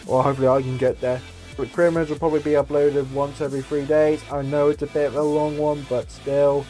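A young man commentating his own football video game, excitable, swearing and shouting at his players. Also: fairly high pitch. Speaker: gaming YouTuber.

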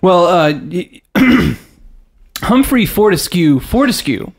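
This podcast host from the American South speaks slowly in a high, gravelly, husky voice. In a laid-back chat he tells stories full of tangents and profanity, slipping into mock voices with lively energy.

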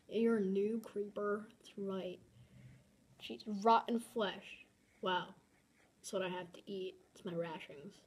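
Young woman, gameplay commentary, dramatic, flustered, slow delivery, faint background hiss. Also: mid-range voice, darkish tone. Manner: dramatic, easily flustered, repeats exclamations. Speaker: gamer.

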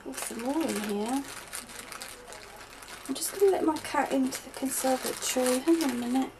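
A middle-aged woman gushing softly as she opens a parcel at home, with lots of delighted exclamations. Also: high-pitched, moderate pace, background noise. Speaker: vlogger opening happy mail. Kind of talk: unboxing chat. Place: at home in a conservatory.

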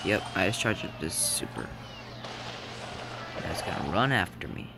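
A young man casually commenting on his own game, joking and shouting at teammates. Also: sits low, measured pace. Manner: excitable, jokey, shouts at teammates. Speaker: gameplay commentator. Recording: game music behind.

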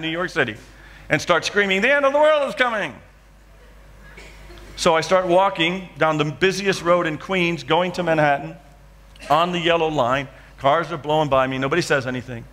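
A man's voice: fairly high pitch, bright, forceful tone, long reverb tail. A man preaching a dramatic testimony in church, acting out scenes from his story. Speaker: guest preacher. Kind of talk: sermon testimony.

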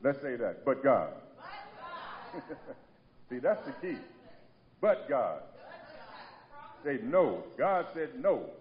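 A man's voice: medium pitch, sing-song, drawn-out words, pauses often, muffled recording. A man preaching a sermon to a congregation, emphatic and repetitive, often asking them to answer back. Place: church sanctuary. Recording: long reverb of a large hall.

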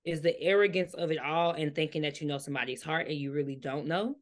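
A woman talks through a novel with a friend in a relaxed, chatty way. She retells scenes in a lively voice, then slows down to reason about the characters. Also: sits low. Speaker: book discussion host. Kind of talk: casual book chat.

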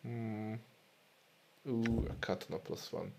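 A man's voice: lowish voice, slow, vocal fry, a little hiss or hum. A man casually commenting while playing a game, muttering to himself and swearing often. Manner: muttering, swearing, self-amused. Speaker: let's play host.

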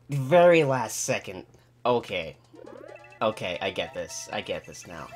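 Man, let's play commentary, excitable, lively swooping pitch, slow unhurried delivery, faint music behind. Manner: excitable, talks to himself while playing. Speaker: gaming channel host.

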